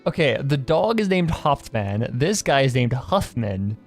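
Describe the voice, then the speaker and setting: A man's voice: medium pitch, sing-song, a little slow, faint music behind. A man hosting a casual let's-play, reading game dialogue aloud between comments and laughing often. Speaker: gaming channel host.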